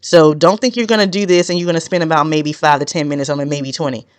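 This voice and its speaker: A woman's voice: low voice, steady tone, fast, clear, resonant tone, dry recording. A woman hosting a solo podcast as a business consultant, chatty and direct, with laughing asides. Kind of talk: casual solo podcast teaching.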